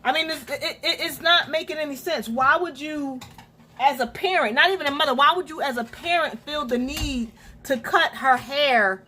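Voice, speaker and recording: A young woman hosting a casual podcast from her home kitchen while cooking, talking straight to her listeners in an animated, indignant way. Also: sits high, moderate pace, slight background noise. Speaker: podcast host.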